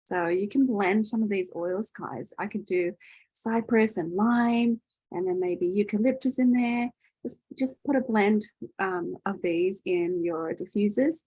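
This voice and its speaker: A woman hosts an online workshop from a video call and talks loosely and chattily, full of "um"s and "okay?"s. Her voice is a touch husky. The sound is dry and close. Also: mid-range voice, unhurried, mellow, no echo, low-quality recording. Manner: chatty, loose, with many fillers and tag questions. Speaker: workshop host. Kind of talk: casual teaching in an online workshop.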